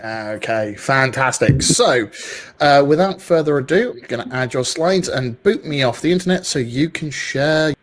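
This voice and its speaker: A man's voice: mid-range voice, expressive, moderate pace. A man hosting an online tech meetup over a video call, playful and self-mocking. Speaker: meetup host. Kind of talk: casual event hosting.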